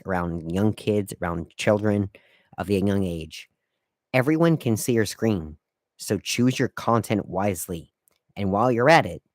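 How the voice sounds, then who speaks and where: Low-voiced man giving wry podcast advice. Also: no room sound, studio quality. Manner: wry, lecturing etiquette tips. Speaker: podcast host. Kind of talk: casual solo podcast talk.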